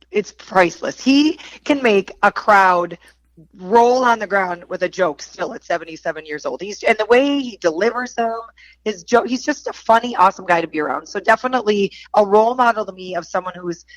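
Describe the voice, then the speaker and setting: A middle-aged woman with a clear Wisconsin accent, a guest on a podcast chatting casually. She tells stories animatedly and laughs easily, at a middle pitch. Her voice sits dry and close. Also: normal speed, dry recording, rough recording. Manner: animated storyteller, laughs often. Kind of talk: casual chat.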